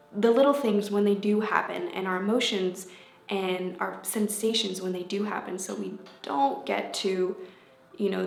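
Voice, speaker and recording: Gravelly-voiced woman telling a story. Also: mid-range voice. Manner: animated, acts out quotes in changing voices. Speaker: vlogger and life coach. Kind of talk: casual storytelling to camera. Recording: echoey room with faint background music.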